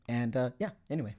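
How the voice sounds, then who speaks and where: A man's voice: mid-range voice, dark tone, husky. A young man hosting a casual livestream, rambling, swearing and chatting to viewers. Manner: rambling, swears, laughs often. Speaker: livestream host. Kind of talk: casual livestream chat reading the chat.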